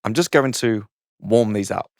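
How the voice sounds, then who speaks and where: A man reads out a comic story in a playful, mischievous way, laughing at his own lines. His voice sits a little low. The sound is dry and close to the mic. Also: normal speed, gravelly, dry recording. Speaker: comedian guest reading his story. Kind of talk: comic reading of a saucy story.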